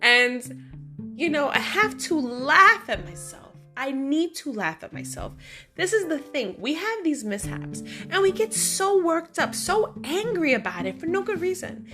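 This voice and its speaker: A woman vlogging, telling everyday stories in an animated, chatty way full of fillers. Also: high-pitched, measured pace, faint music behind. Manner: animated, chatty, many fillers like "like" and "you know". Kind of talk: casual storytelling monologue.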